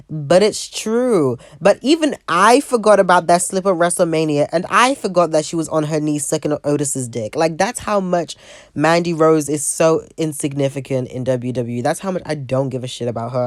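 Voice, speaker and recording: A woman's voice: low-pitched, dry recording, clean studio sound. Sassy, blunt woman ranting. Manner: sassy, blunt and profane, full of fillers. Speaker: wrestling show reviewer. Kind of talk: casual rant review.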